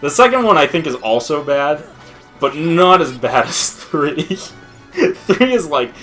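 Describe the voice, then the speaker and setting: A man's voice: fairly high pitch, sing-song, a little slow, fairly bright tone, faint music behind. A young man co-hosting a let's play, rambling and laughing often, with casual swearing. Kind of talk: casual gaming commentary.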